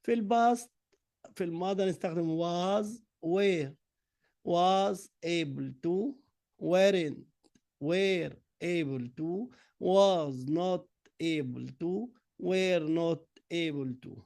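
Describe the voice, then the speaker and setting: A male English teacher whose first language is Arabic, with an Egyptian accent. His voice sits high and moves at a slow, deliberate drilling pace as he reads answers one word at a time. The recording is dry and close. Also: a little mellow, no room sound. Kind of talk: classroom lesson mixing Arabic and English.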